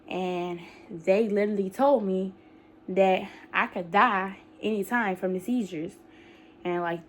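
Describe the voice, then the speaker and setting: A woman's voice: medium pitch, darkish tone, a little hiss or hum. Breathless young woman vlogging. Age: young adult. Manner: rambling, many fillers, colloquial speech. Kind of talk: casual talk to camera.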